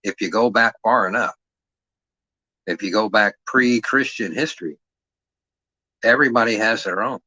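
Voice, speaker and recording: A middle-aged man rants on a livestream with a bright, forceful edge to his voice. He swears constantly and taunts his listener with rhetorical jabs. The sound is dry and close, with no room around it. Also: fairly low pitch, moderate pace, long pauses, dry recording, dull audio. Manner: aggressive, mocking, heavy swearing. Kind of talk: profane rant on a livestream.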